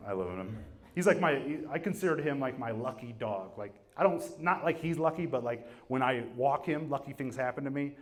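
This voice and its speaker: A young man doing a profane, rambling stand-up set in a gym, with a crowd laughing. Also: lively intonation. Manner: profane, rambling storytelling with quick pitch jumps for quoted voices. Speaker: stand-up comedian. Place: gym with a live audience. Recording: live room with crowd noise. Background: audience laughter.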